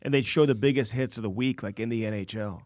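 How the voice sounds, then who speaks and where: A man's voice: fairly low pitch, quick pace, a little mellow, dry recording, clean studio sound. A man co-hosting a podcast in casual chat, teasing his partner with joking banter. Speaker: podcast co-host.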